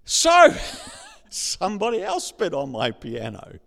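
A man preaching a sermon, telling a personal story and building up to excited shouting. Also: high voice, takes it slowly, vocal fry. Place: large church hall. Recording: reverberant hall.

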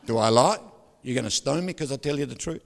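An older man, preaching a sermon with jokes, stories and sudden loud outbursts. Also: medium pitch, lively intonation, fast, gravelly. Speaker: pastor. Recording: hall reverb.

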